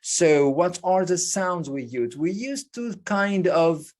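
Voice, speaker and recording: A teacher leads an online pronunciation lesson at a very unhurried pace, in a mid-range voice. Each sound is repeated and drilled carefully, and explanations come step by step, framed by questions the teacher asks and then answers. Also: medium pitch, expressive, darkish tone. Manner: slow and deliberate, drilling sounds with many repetitions. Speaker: English speaking teacher.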